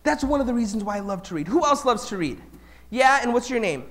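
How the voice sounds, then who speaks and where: A man telling a story to children and asking them questions, swinging between loud and hushed. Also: very high voice, expressive, fast talker. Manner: engages the audience with questions. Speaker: speaker at a children's event.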